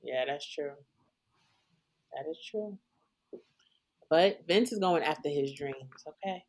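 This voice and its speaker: A woman's voice: low-pitched, lively intonation, takes it slowly, darkish tone. A woman hosting a podcast, recapping a show in a sassy, laughing, casual way. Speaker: podcast host.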